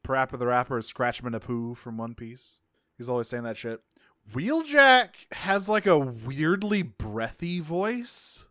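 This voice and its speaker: A man's voice: medium pitch, sing-song, unhurried, sharp tone, dry recording, studio quality. A man co-hosting a podcast, talking casually, swearing freely and laughing often. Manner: profane and laughing. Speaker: podcast co-host. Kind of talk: casual chat.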